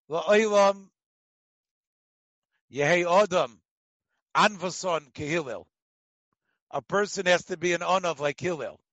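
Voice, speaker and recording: A middle-aged man with an American accent teaching a casual Talmud lesson as a lively storyteller with joking asides. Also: sits high, no echo, low-quality recording.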